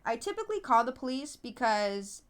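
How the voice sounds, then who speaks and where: A chatty woman with a slightly high voice tells stories in a casual podcast interview. She talks in an animated way, full of fillers and restarts, and jumps into high-pitched voices when she acts out other people. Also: normal speed. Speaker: podcast host, app founder being interviewed.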